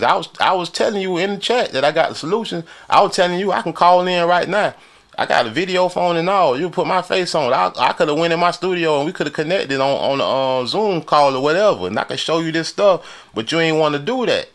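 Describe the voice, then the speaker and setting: A man's voice: a little high, expressive, brisk, fairly bright tone. A man from Florida on a live stream, arguing heatedly and boasting, with repetitive challenges and frequent laughter.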